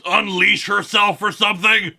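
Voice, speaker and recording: A man's voice: high voice, steady tone, moderate pace, creaky, sharp tone, voice pushed up, heavily acted. A man doing a grim, doubtful detective hero. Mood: skeptical.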